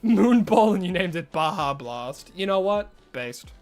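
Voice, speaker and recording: Chatty male game streamer, higher voice. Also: lively intonation, measured pace, a little mellow, faint music behind. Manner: chatty, answers chat messages, rambling asides. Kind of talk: casual live-stream chat with viewers.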